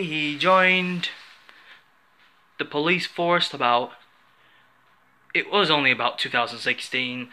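A man's voice: on the high side, sharp tone, slight background noise, heavily acted. A man playing a nervous suspect who answers a police officer in a hesitant, rambling and apologetic way. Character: nervous male suspect being questioned.

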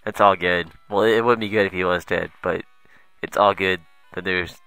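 A young man doing let's play commentary, excitable and foul-mouthed, muttering asides and then yelping at the game. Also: low-pitched, moderate pace, smooth, dry recording, faint music behind, rough recording. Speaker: gamer.

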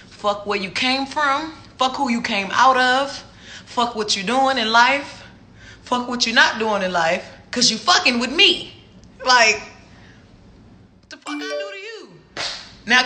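A woman, ranting on a live stream, profane and heated, slow and emphatic, breaking into laughter. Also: a little high, bright, forceful tone.

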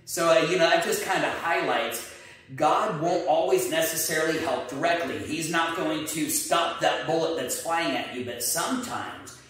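A man's voice: fairly high pitch, normal speed, a bit bright. A man, a martial arts instructor, chatting earnestly and telling a joke story. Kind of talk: casual chat with storytelling. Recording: echoey room, mic at a distance.

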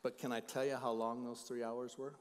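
A middle-aged man preaches, at times rising to loud emphasis, then dropping into hushed personal stories. His pitch sits in an ordinary middle range. The sound carries a long reverb from the sanctuary. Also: little pitch movement, a little fast, slight background noise. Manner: swings from loud emphatic preaching to quiet storytelling. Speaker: pastor. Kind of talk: sermon. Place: church sanctuary.

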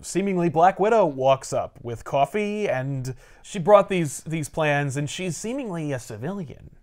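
A man's voice: fairly high pitch, animated, a little slow, a little mellow. A man casually recapping a comic on a podcast, storytelling animatedly and acting out the characters' lines. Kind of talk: casual chat.

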